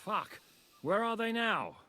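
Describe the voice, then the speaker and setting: A man's voice: high voice, sing-song, slow pace, sharp tone, full character voice. A man voicing a blunt male rebel commander in a video game, curt and commanding, with swearing. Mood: grim.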